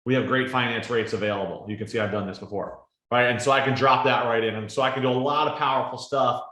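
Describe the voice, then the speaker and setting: A man presenting a casual screen-share product demo, explaining in a relaxed way with lots of fillers and tag questions. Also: medium pitch, quick pace. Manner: relaxed, filler-heavy explaining with frequent "right?". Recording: roomy echo.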